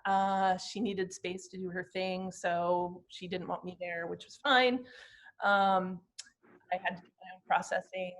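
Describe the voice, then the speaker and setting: Reflective woman in her fifties, halting. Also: on the low side, fairly even intonation. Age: 50s. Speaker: glass artist presenting her work. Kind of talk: talking through slides of her artwork.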